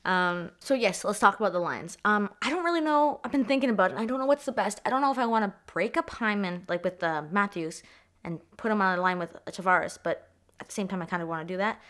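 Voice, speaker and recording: Young canadian woman gushing about her team, swears a lot, keeps repeating herself, normal pitch. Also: quick pace, a bit bright. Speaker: sports vlogger. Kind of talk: excited casual vlog chat.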